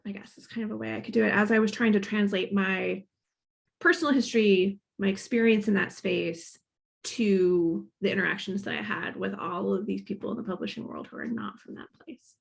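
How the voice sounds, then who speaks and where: A woman in her thirties with a Midwestern accent carrying a slight Boston inflection speaks as a guest author. Her mid-pitched voice has a steady gravelly fry. She talks in a candid, reflective way, thinking aloud with plenty of "um" and "like.". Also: brisk. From Northern Kentucky. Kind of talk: casual conversational talk at a library author event.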